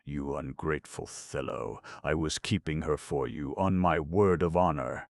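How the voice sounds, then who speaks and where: Brief: blubbering, drunken old uncle, raging then weeping, played by a man in a very low, gravelly voice. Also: a little slow, no room sound, studio quality, heavily acted. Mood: tearful. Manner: sobbing, ranting.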